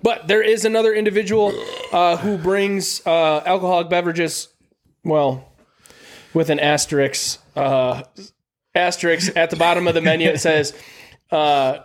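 Teasing podcast host with a higher voice. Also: male voice, fairly even intonation, measured pace. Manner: teasing, sarcastic. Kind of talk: casual chat.

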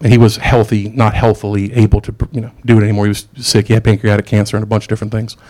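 A man's voice: lowish voice, flat delivery, very fast, darkish tone. A middle-aged man preaching a sermon in a casual, conversational way, with asides and jokes.

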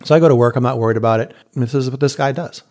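A man's voice: medium pitch, rapid-fire, a little mellow. A middle-aged man casually telling a story, acting out quotes and laughing often. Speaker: podcast host telling a story.

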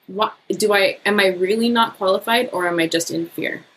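A woman talking as a podcast guest, upbeat and animated, laughing often. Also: mid-range voice, moderate pace, a little hiss or hum, rough recording. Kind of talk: casual podcast conversation.

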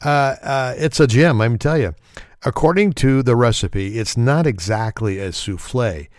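A man's voice: medium pitch, a little slow, no room sound, clean studio sound. A man hosting a casual comedy podcast, talking in a wry, sarcastic way and laughing often. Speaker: podcast host.

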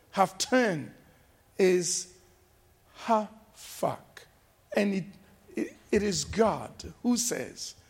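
Slow, gravelly, husky-voiced male preacher. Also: high-pitched. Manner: slow, emphatic preaching with repeated refrains and shouted exclamations. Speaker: pastor. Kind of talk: sermon.

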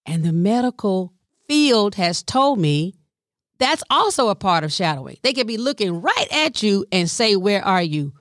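A middle-aged woman caring for her mother, telling a personal story in an animated, colloquial way and sometimes dropping into a whisper. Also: medium pitch, normal speed, no room sound, studio quality. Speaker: family caregiver.

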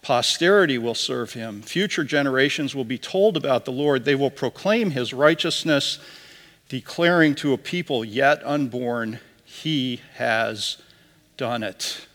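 A man preaching a sermon and reading scripture aloud in a solemn, measured way, as a pastor in a church sanctuary. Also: mid-range voice, a bit bright. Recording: long reverb of a church hall.

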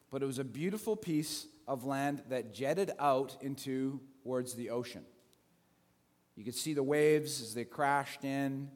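A male pastor telling a story in a sermon, conversational, with restarts and asides. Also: medium pitch. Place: church sanctuary. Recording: long hall reverb.

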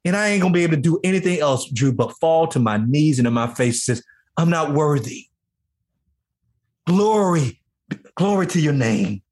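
A man as a podcast guest giving an emotional personal testimony with a fervent, preacher-like delivery. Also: high-pitched.

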